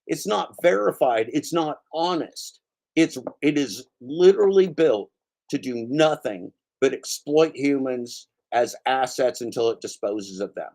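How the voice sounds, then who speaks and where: A man's voice: mid-range voice, animated, unhurried, creaky, darkish tone. A man hosting his own channel, delivering a heated, profane rant and calling out a commenter by name. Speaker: channel host. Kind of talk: angry spoken rant.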